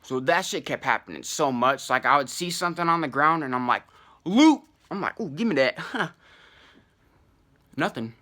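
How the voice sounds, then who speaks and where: A young man telling a wild personal story in casual, profane slang, full of fillers and animated asides. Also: medium pitch, moderate pace.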